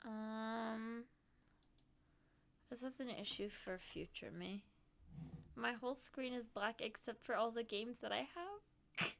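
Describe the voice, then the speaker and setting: A young woman streamer chatting casually on stream, speaking in a put-on Boston accent. She is animated and self-deprecating, acts out quotes and giggles often. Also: a little high, slow pace, vocal fry, long pauses. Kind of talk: casual chat. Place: home streaming setup.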